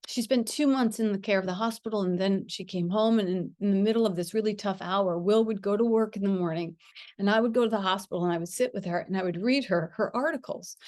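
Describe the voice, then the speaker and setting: A middle-aged woman telling a personal spiritual story. She talks in an earnest, reflective way with gentle pauses and frequent small laughs. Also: medium pitch, no room sound, clean studio sound. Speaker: spiritual teacher.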